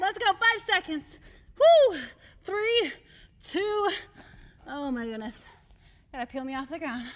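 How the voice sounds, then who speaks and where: Breathless, high-voiced fitness coach woman. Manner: energetic, encouraging, counting down. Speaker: fitness instructor. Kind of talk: live workout coaching.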